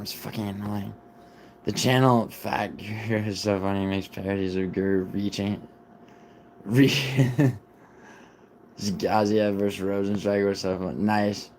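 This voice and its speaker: A man who is sick, with a raspy voice, chatting casually on a livestream in a rambling, profane way. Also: fairly low pitch, darkish tone, slight background noise, low-quality recording. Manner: rambling, profane, restarts often. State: sick, rough voice. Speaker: livestream host.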